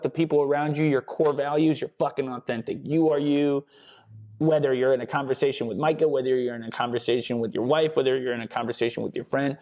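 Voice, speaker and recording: A man's voice: medium pitch, warm tone. A man hosting a fitness podcast, talking bluntly and casually with lots of swearing and emphatic repetition. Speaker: podcast host and personal trainer. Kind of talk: casual motivational podcast talk.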